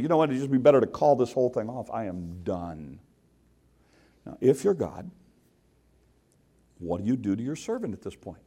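A man's voice: mid-range voice, warm tone, slightly rough. A man preaching a sermon to his congregation in a conversational way, often putting questions to the listeners. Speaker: pastor. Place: church sanctuary.

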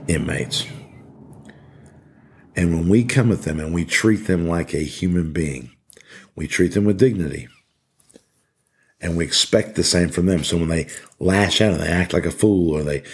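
A man's voice: deep voice, breathy edge. A middle-aged man giving an earnest, emphatic motivational talk to fellow officers, repeating his key phrases. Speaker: podcast host speaking to corrections officers.

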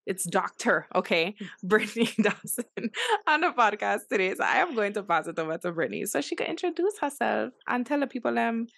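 A woman's voice: mid-range voice, sing-song, brisk, vocal fry, fairly bright tone, dry recording, studio quality. A woman hosting a podcast, brash and joking with frequent swearing. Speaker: podcast host. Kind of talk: casual podcast chat.

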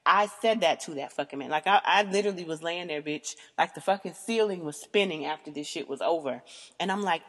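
A woman hosting a podcast, telling a candid story in an animated, emphatic way, swearing freely and calling out to her listeners. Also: medium pitch, big-room sound. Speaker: podcast host.

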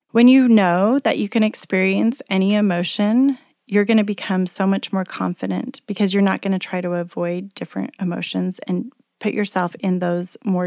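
A woman's voice: medium pitch, darkish tone, no echo, clean studio sound. A middle-aged woman, a single mother, talking earnestly in a chatty, coaching motivational talk. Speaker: self-help speaker.

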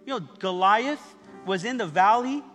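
A man's voice: high voice, normal speed, a bit bright, soft background music. A man preaching a sermon in a church, calling on the congregation to repeat lines and joking along the way. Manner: preaching with call-and-response and jokes. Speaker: pastor.

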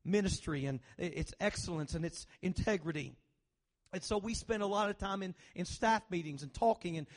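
A male pastor preaching a conversational sermon in a church, often questioning the congregation and restarting his phrases. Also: high voice. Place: church sanctuary.

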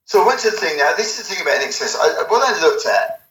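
Middle-aged guy, rambling animated storyteller, kinda high voice, swears a lot, roomy echo. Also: very fast. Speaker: album cover designer, guest. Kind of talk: casual storytelling interview. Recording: echoey room.

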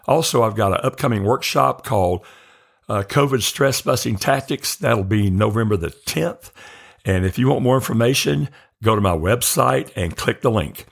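A man hosting a faith podcast, leading a slow guided breathing prayer and repeating phrases calmly. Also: lowish voice, creaky. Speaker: podcast host.

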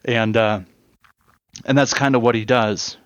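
A man's voice: mid-range voice, steady tone, unhurried, no room sound, highs cut off. A man co-hosting a podcast, retelling a story casually with lots of "uh" and "you know" fillers. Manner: rambling retelling full of fillers. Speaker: podcast co-host. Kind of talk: casual review chat.

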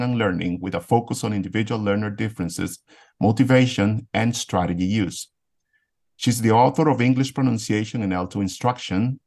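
A man hosting a podcast, formally introducing his guests and asking measured interview questions. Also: lowish voice, a little mellow. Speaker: podcast host.

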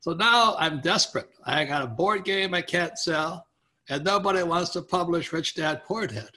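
A man's voice, a touch higher than most and strikingly bright, spins a long anecdote for an interviewer. He acts out the people he quotes and keeps the story moving with a lively, energetic delivery. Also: normal speed. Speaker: guest author.

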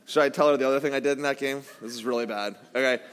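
A man in his forties preaching a sermon, telling a self-mocking story and bursting into shouted quotes. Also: medium pitch, steady tone, rapid-fire, smooth. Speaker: pastor. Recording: echoey hall reverb.

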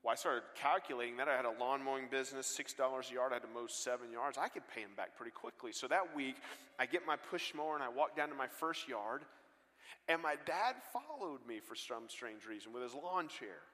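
A man preaching a sermon and telling stories with earnest swings between loud bursts and hushed lines, on a stage mic in a large church. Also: medium pitch, a little fast. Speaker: guest pastor. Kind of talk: sermon storytelling. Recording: long hall reverb.

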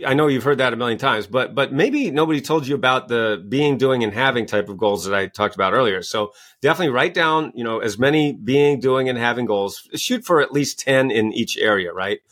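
A man's voice: mid-range voice, lively intonation, a little fast, few pauses, a bit bright. A man, a coach and author, answering interview questions with enthusiastic storytelling. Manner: enthusiastic, storytelling, acts out quoted voices. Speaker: guest, executive coach and author.

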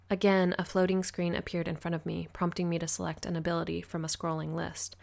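A woman narrating an audiobook in the first person, with a low voice. Her reading is even and measured, with a gravelly fry running through it.

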